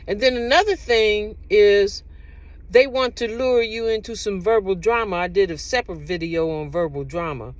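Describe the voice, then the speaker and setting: Woman vlogging to her camera, chatty and rambly, repeats herself for emphasis, mid-pitched voice. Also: normal speed, no echo. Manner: rambling, repetitive, emphatic storytelling. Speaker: vlogger giving relationship advice. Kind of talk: casual talk to camera.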